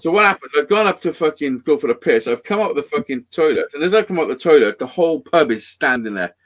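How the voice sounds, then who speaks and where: A man's voice: on the high side, fast talker. A man telling a rambling, sweary story in casual chat. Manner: rambling, heavy swearing, animated. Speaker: podcast guest storyteller.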